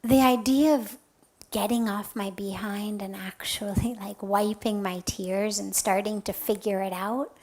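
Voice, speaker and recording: A woman spiritual teacher telling a personal story in a spiritual talk, slow and reflective, often sinking to a soft, breathy near-whisper and then rising with emphasis on key words. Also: medium pitch, fairly even intonation.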